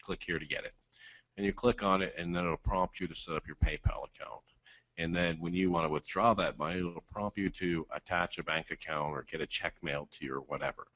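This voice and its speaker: Very deep-voiced laid-back co-host man. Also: fairly even intonation, a little fast, fairly bright tone, no room sound. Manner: laid-back, teasing, many ums. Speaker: webinar co-host. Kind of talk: webinar Q&A.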